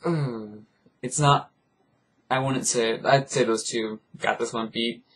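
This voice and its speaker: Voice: mid-range voice, fairly even intonation, slow, husky. An anime reviewer ranting casually in a rambling, profane, exasperated way.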